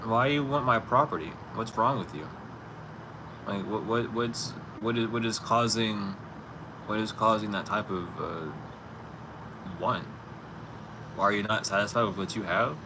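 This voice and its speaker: A man's voice: on the low side, a little slow, long pauses, background noise. A man vlogging in a casual, incredulous way, chuckling as he argues back at someone unheard. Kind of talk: casual spoken monologue. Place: outdoors on a street.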